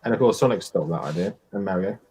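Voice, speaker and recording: A man's voice: low voice, racing, a little mellow, slight background noise. A man chatting casually as co-host, joking and laughing easily. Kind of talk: casual chat.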